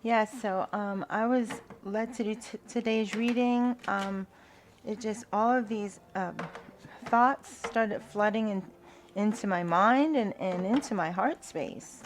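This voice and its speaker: Unhurried woman doing a spiritual card reading, soft and halting, mid-pitched. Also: slight background noise. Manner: slow, soft-spoken, hesitant with fillers; invocation-like gratitude prayer. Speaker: tarot reader.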